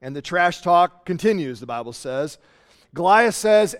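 A man preaching a sermon, telling a story in an animated way and acting out the voices. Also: on the high side, normal speed. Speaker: pastor.

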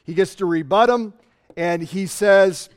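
A man preaching a sermon, telling a story in an animated way and acting out the voices. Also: high-pitched, unhurried. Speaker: pastor.

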